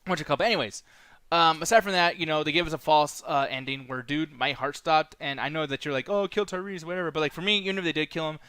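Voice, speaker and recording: Man, podcast co-host, quick pace, dry close mic, rambling, profane. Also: fairly high pitch, sharp tone, clean tone, no room sound. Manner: fast, rambling, profane, lots of fillers. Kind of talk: casual chat.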